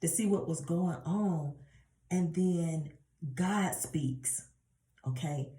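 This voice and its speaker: A woman teaching a Bible lesson in a casual preaching style, animated and calling her listeners y'all. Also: lowish voice, takes it slowly. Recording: roomy echo.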